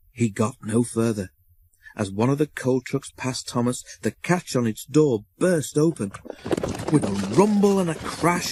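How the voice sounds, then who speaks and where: A man narrating a children's storybook in a measured, expressive way on a close studio mic. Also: mid-range voice, slight background noise.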